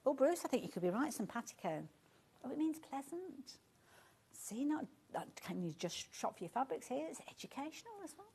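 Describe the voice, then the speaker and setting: A woman presenting a live shopping show, chatting warmly about the items and reacting to viewer comments with gushing enthusiasm. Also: sits high, very animated, a little fast, slightly rough.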